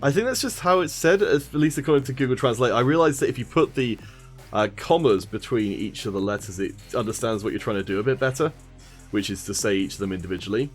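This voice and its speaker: A man's voice: medium pitch, lively intonation, fast talker, faint music behind. A man casting a mobile game stream, greeting chat viewers by name and joking at his own expense. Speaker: esports stream caster. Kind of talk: casual stream commentary.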